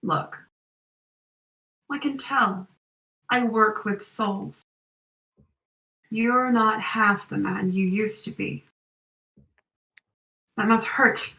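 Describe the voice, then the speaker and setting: A smug, silver-tongued villain coaxes a hero to switch sides, smooth and condescending, as a woman game master plays him. The voice sits at an ordinary middle pitch and rings with room echo. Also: takes it slowly, pauses often, a bit bright, far from the mic. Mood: persuasive. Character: scheming male wizard villain tempting a hero.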